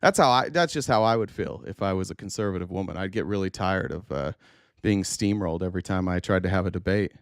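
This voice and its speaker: A man's voice: deep voice, fast, no echo, clean studio sound. A man hosting a live stream, chatting casually in a blunt, joking way and swearing now and then.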